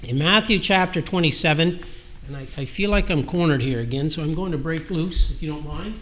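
A man preaching a sermon in an earnest way, stressing words with slow, deliberate phrases and often restarting a line. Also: a little high, fairly bright tone, a little hiss or hum.

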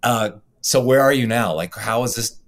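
A man's voice: medium pitch, normal speed. A man hosting a casual interview, chiming in with affirming, encouraging remarks. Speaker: interview host.

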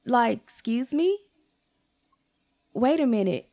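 Animated woman ranting to her viewers. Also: slow. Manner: animated, swings to high exclaims; blunt, profane, talks straight to viewers. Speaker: vlogger. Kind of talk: casual storytime rant.

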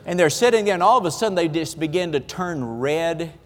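A man's voice: fairly high pitch, expressive, brisk, big-room sound. A man with a Southern US accent preaching a sermon, telling folksy, self-deprecating stories with humor. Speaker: pastor.

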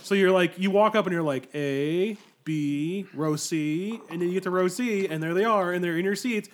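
A man's voice: sits high, normal speed. A man in his thirties chatting casually with friends, telling rambling stories with lots of fillers and swearing. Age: 30s. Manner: rambling storyteller, self-described non-confrontational. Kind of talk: casual chat.

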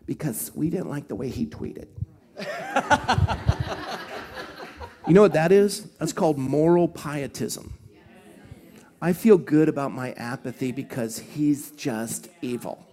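A man from Scotland, a pastor, preaching at a live event in an animated storytelling way with quick asides. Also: mid-range voice.

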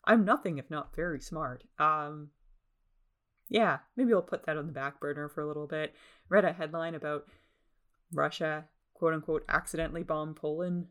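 A young woman with a low voice talks through her solo podcast from home. She rambles from one thing to the next, full of sarcastic, self-deprecating asides. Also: normal speed, fairly bright tone. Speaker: podcast host. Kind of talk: casual solo podcast monologue. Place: home in the suburbs.

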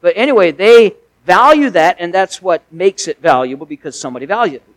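A man's voice: high voice, expressive, fairly quick, no room sound, rough recording. A male pastor delivering a sermon in a conversational way, with folksy asides and emphatic swells.

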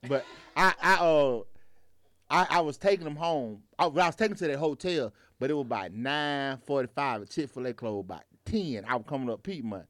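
A man's voice: mid-range voice, expressive, a little fast, a bit bright, dry recording, studio quality. A man telling a casual story about his driving work, swearing freely and laughing. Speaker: rideshare driver telling a story.

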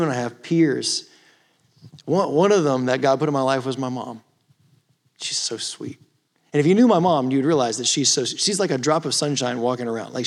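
A man preaching a youth ministry sermon, rising from quiet storytelling to impassioned, emphatic exhortation. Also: medium pitch. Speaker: youth pastor. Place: church or youth hall.

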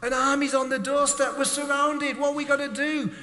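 A male preacher acting out a servant who shouts in panic at being surrounded by an army. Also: extremely high pitch, level tone, brisk, long reverb tail, voice pushed up. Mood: panicked. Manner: shouting in alarm, breathless panic.

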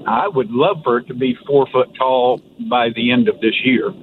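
A man's voice: medium pitch, moderate pace. A male caller on a call-in radio show, explaining his garden problem in a plainspoken, rambling way. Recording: tinny phone line with faint hiss.

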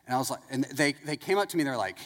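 A man's voice: medium pitch, lively intonation, racing, a bit bright, big-room sound. A middle-aged man preaching a sermon in a loose, conversational way, full of stories and filler words. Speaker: pastor.

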